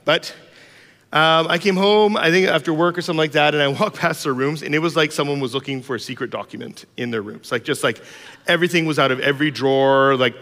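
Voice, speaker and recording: A man's voice: a little high, fairly bright tone. Man preaching a chatty, humorous sermon. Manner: humorous, informal storytelling with many fillers. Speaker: pastor. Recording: long reverb of a large hall.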